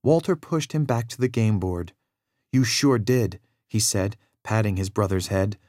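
Guy reading a kids' adventure book out loud, expressive, super dry sound. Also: fairly low pitch, normal speed, no echo. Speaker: narrator. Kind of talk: storybook read-aloud narration.

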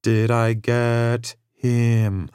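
A man's voice: medium pitch, flat delivery, drawn-out words, darkish tone, smooth, dry recording. A man voicing a nervous but brave young boy in a storybook reading, with a worried delivery and a very dry sound. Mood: yelling.

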